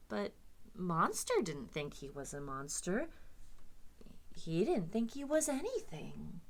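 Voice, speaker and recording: A woman librarian reading a picture book aloud to children with expressive, dramatic storytelling. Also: on the low side, slow.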